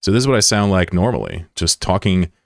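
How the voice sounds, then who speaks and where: A man's voice: sits low, very animated, fairly quick, creaky, no room sound, studio quality. A man streaming live, chatting casually with viewers in a rambling, self-deprecating way. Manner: rambling and self-deprecating, reads chat aloud. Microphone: broadcast mic with voice filter.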